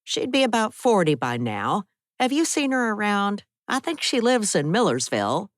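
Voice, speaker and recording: A woman's voice: mid-range voice, big pitch swings, moderate pace, no echo, clean studio sound, voice pushed up, natural voice. A woman voicing a menacing gray-haired older man who is a pushy stranger making veiled threats, in an audiobook. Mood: probing.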